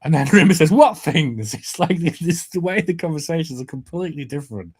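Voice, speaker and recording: A man co-hosting a casual podcast chat, retelling scenes in an animated way and laughing as he quotes the lines. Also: a little high, fast, breathy edge. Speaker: podcast co-host.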